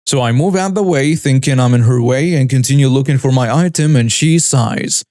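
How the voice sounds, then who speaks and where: A man reading a first-person story aloud in a steady, scripted narration. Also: mid-range voice, moderate pace, no room sound, clean studio sound.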